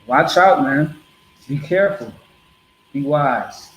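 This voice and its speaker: A man's voice: a little high, expressive, takes it slowly, reverberant, muffled recording. A man preaching bluntly to a group in a streetwise, repetitive way.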